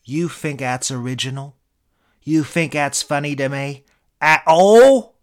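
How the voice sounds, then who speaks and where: A man voicing an enraged, crude middle-aged British comedian with an English accent, shouting and sneering. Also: a little high, slow pace, voice pushed up. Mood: mocking.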